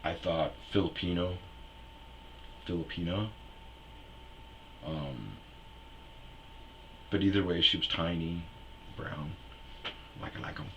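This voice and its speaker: Slow and often pausing, a young man's deep voice carries a crude, rambling personal story told in casual chat. He throws in crude jokes and acted quotes, and there's slight background noise.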